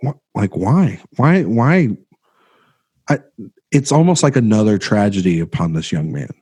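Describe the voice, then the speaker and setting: Low, mellow-voiced man chatting about films. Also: animated, breathy edge, no echo. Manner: halting, many restarts, trails off quietly. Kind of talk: casual film discussion.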